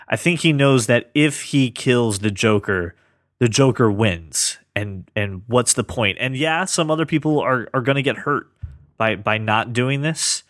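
This is an earnest man co-hosting a casual comics chat, circling back and restarting as he works through his thoughts. His voice sits at an ordinary middle pitch. It is recorded dry and close, with no room sound. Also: fairly bright tone, no room sound. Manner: earnest, thinks aloud with many restarts. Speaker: podcast co-host.

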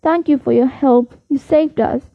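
A woman's voice: high voice, measured pace, gravelly. A woman reading an earnest young man adventurer. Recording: dull lo-fi recording.

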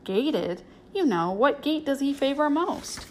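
A woman's voice: high voice, lively intonation, measured pace, a little mellow, a little hiss or hum, voice pushed up. Woman doing sweet young circus girl, eager and friendly.

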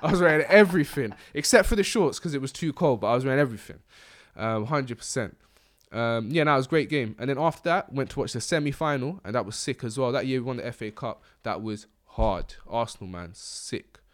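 A young man hosts a podcast, chatting casually in a slangy, rambling way and laughing often. His medium-pitched voice is animated and fairly quick.

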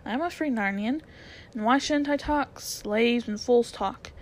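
A woman voicing a proud, bossy male talking war horse in a storybook read-aloud, brisk and commanding. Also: on the high side, a little hiss or hum, natural voice. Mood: scheming.

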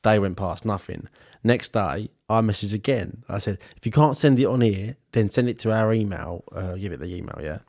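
A man's voice: on the low side, animated, normal speed, gravelly, a little mellow. A young British man co-hosting a podcast, telling a story and acting out both sides of a chat with frequent laughter. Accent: British English. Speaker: podcast co-host.

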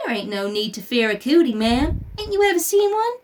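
A woman voicing a polite, grown-up little schoolboy with a put-on Southern American accent, speaking gently. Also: fairly high pitch, very animated, brisk, slight background noise, pitched above the performer's own voice. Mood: soothing. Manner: gentle, drawling, soothing. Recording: voice a bit far from the mic.

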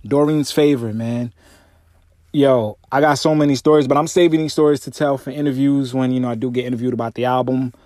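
Animated man telling a story on his podcast. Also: brisk, no echo, studio quality. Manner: animated storytelling, swearing, voice jumps high when exasperated. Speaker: podcast host and music artist. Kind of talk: casual solo podcast monologue. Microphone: podcast microphone through a mixer.

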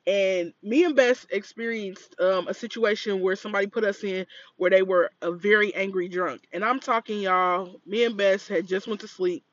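A woman co-hosting a podcast, telling a story in casual chat and acting out the yelling in it. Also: mid-range voice, moderate pace, hardly any pauses, no echo, highs cut off. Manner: animated, acts out quoted yelling. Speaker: podcast co-host.

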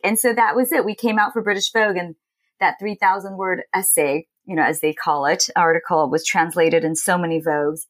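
A woman from Los Angeles chats in a relaxed interview with a somewhat low voice. She tells her stories with energy and acts out other people's lines. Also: fairly quick. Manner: animated, quotes others in lively voices. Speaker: guest, entrepreneur. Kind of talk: casual storytelling interview.

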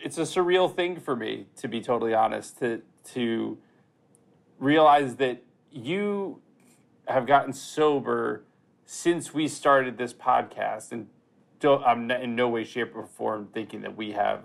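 A man hosting a podcast who asks a guest questions, reflective and halting, with many restarts. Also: mid-range voice, vocal fry. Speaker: podcast host. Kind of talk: casual interview.

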